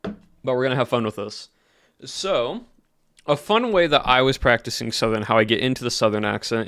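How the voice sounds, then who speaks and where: Rambling young male streamer, dry and clear. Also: medium pitch, animated, a little fast, a bit bright, no echo. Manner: rambling, self-correcting restarts. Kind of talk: casual livestream chat.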